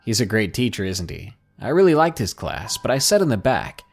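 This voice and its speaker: A man's voice: medium pitch, sing-song, normal speed, faint music behind. A man voicing an awkward, overeager eighteen-year-old man who is pushy and overly friendly. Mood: eager.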